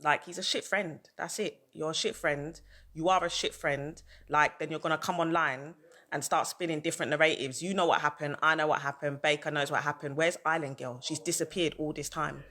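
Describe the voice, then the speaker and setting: A woman's voice: low voice, steady tone, fairly quick, bright, forceful tone. A woman ranting on a livestream, heated and repetitive, hammering her points over and over. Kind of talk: livestream rant.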